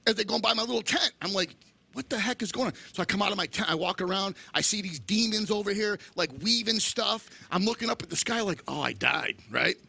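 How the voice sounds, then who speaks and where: A middle-aged man telling animated stories in casual chat, acting out the voices of people he quotes. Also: high-pitched, quick pace, vocal fry, hardly any pauses, husky. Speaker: guest.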